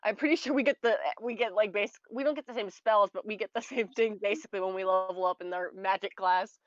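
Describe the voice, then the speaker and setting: A woman's voice: medium pitch, fast, no room sound. Brief: rambling woman player, chatty, dull dry recording. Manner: rambling, full of "like" fillers. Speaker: tabletop game player. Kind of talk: casual chat over voice call.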